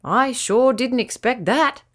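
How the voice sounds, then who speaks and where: A woman voicing an eager, excited young boy at a beach party. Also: a little high, slow pace. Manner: eager, exclamatory.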